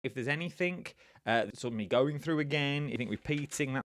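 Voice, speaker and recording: A man's voice: mid-range voice, fast talker, fairly bright tone, no echo. A man hosting a live-streamed quiz, talking to viewers in a chatty, rambling way with lots of asides. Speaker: quiz host.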